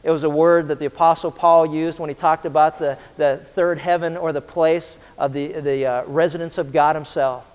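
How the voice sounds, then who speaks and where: A man with a high, bright voice preaches with passion, rising and falling as he drives each point home. His words ring out with a long reverb, as if he is filling a large hall. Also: fairly even intonation, moderate pace, few pauses, clean tone. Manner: impassioned preaching, acting out voices of the thieves. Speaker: pastor. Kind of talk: sermon.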